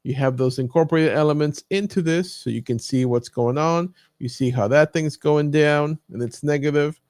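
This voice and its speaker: A man's voice: fairly high pitch, normal speed, a little mellow, no echo. Casual man coaching over a dry mic. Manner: casual, thinking aloud with many fillers. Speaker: YouTube coach. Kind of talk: live screen-share training.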